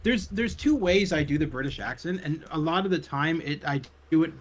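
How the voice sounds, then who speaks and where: A man chats through a game playthrough, joking and exasperated by turns. His voice is husky and lively, sitting a bit high for a man. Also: a little fast. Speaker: co-host reading game text. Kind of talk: casual let's play commentary.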